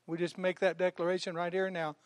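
A man preaching a sermon in an animated, folksy way, hammering points through repetition. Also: high voice, quick pace, dry recording, clean studio sound. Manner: folksy, calls listeners honey. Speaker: pastor.

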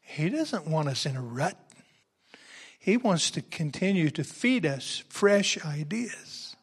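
High-voiced, unhurried preacher man. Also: big pitch swings, slightly rough. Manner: swings from quiet asides to loud exuberant exclamations. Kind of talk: sermon with scripture reading.

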